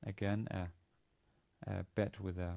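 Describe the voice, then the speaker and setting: A man lecturing on a language lesson, speaking haltingly with many fillers and restarts. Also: deep voice, level tone, gravelly, mellow. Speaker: university lecturer.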